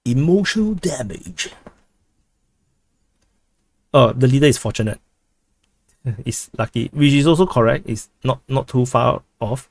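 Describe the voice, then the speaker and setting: A man with a Singaporean English accent hosting a casual livestream, answering viewer questions in a halting way full of repeated words and "uh" restarts. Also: medium pitch, steady tone.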